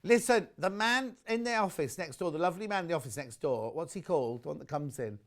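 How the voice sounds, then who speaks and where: A man presenting on a live shopping channel, chatting warmly about fabrics and reading out viewer messages. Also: fairly high pitch, animated, fast. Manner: chatty, gushing over products, reads viewer messages aloud. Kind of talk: live TV sales chat. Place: TV studio.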